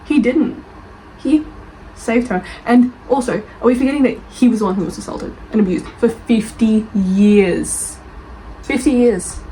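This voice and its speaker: A woman's voice: fairly high pitch, measured pace, dark tone, a little hiss or hum, rough recording. A woman with an Australian accent, a book reviewer and author chatting casually as she reads reviews aloud, reacting defensively and swearing freely.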